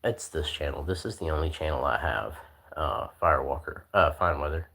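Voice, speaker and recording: A man hosting a casual livestream, talking in a laid-back, soft-spoken way with lots of fillers. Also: rumbling low, brisk. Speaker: livestream host.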